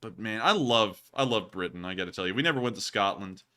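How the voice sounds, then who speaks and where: A man's voice: lowish voice, animated, fast, pushed and bright. A man hosting a livestream in casual chat, rambling with lots of filler sounds. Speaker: livestream host.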